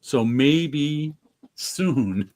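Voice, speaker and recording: A man's voice: on the high side, animated, extremely slow, a little mellow. A man with a New York accent chatting casually on a podcast, rambling with many restarts. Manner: rambling, with restarts and light laughs. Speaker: podcast co-host. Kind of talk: casual chat.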